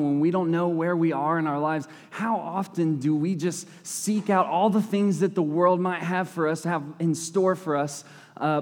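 A man's voice: on the high side, a little mellow. Young guy preaching, chatty and joking, fixes his words a lot, big echoey church hall. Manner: conversational, self-correcting, with playful asides. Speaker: lay preacher. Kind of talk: sermon. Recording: long hall reverb.

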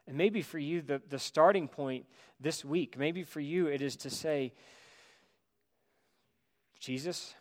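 A male pastor preaching a sermon, moving between loud emphatic passages and quiet, hushed reflection. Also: a little high, moderate pace, long reverb tail.

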